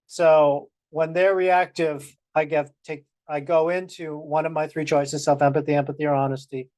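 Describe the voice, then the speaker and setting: A man with a fairly high voice talks earnestly through his own practice, pausing and drawing out the words that matter to him. The sound is dry and close, as on a video call. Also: flat delivery, a little mellow, no echo. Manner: earnest, reflective, slows down on key phrases. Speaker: practice group participant. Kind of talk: personal sharing in a practice group.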